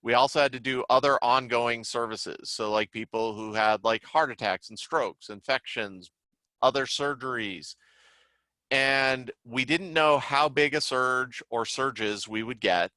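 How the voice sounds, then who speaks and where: Chatty man with a bright, dry voice. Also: medium pitch, unhurried, no echo. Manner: chatty, lots of "like" and "you know". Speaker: psychiatrist teaching a class. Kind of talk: casual lecture with acted examples.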